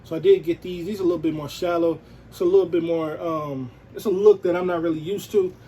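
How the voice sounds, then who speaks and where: Brief: male vlogger, relaxed slangy show-and-tell, slightly raised pitch. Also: quick pace, a little hiss or hum, poor audio. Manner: laid-back, slangy, peppered with "you know what I'm saying". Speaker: sneaker and streetwear vlogger.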